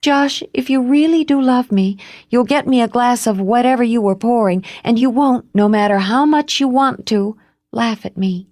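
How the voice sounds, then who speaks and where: A woman voicing a spoiled, glamorous young woman in an audiobook, speaking in a high, pouting voice. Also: normal speed, a little mellow, no room sound, studio quality, close to an everyday voice.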